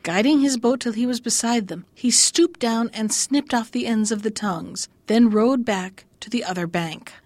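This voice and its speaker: A woman's voice: moderate pace, hardly any pauses, darkish tone, no room sound. A woman reading an old fairy tale aloud, lifting her voice for the quoted lines. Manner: lifts pitch for quoted lines. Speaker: storyteller.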